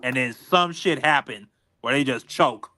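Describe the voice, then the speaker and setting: A man's voice: medium pitch, measured pace, bright, forceful tone. A man with an ordinary mid-range voice trades blunt, profane jabs in casual sports talk. He plays at outrage while riffing with the others.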